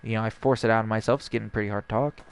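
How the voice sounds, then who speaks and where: A man's voice: lowish voice, fairly even intonation, racing, a little hiss or hum. A young man, a streamer, telling a long personal story in a casual, rambling way and acting out the dialogue. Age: young adult.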